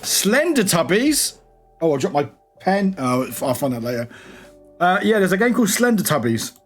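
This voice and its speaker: A giggly, excitable man chatting to his stream audience, his voice pitched high and bouncing lively up and down. He keeps breaking into laughter as he talks, with faint music playing behind him. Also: normal speed. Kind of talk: casual live stream chat.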